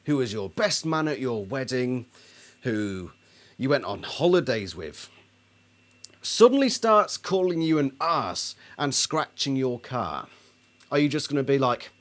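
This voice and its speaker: A man ranting about a band in a sarcastic, indignant video monologue. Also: fairly high pitch. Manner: indignant, sarcastic, mocks others in put-on voices. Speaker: album reviewer.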